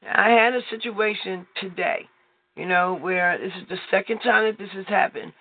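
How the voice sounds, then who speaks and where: A man's voice: sits high, fairly even intonation, normal speed, creaky, no echo. A man leading a prayer call, preaching informally in a rambling way, full of filler phrases. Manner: rambling, heavy with "you know what" fillers. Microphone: telephone. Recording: tinny phone line.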